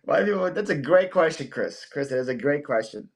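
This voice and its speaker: A man hosting a casual livestream sale, playful and quick to laugh, often stammering and repeating words. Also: a little high, expressive. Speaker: live online seller host.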